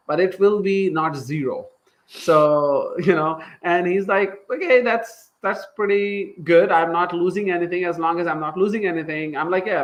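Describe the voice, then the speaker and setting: A man in his thirties with a Pakistani accent, a company founder telling his story in a casual interview, animated and acting out what people said. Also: fairly high pitch, poor audio. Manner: animated, acts out quoted dialogue, laughs while telling.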